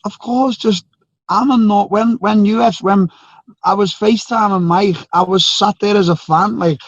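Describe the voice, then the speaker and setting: Blunt high-voiced fighter on a call. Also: male voice, steady tone, moderate pace, no echo. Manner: blunt, swearing, laughing banter. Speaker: guest fighter. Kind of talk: casual call-in chat. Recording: dull dry call audio.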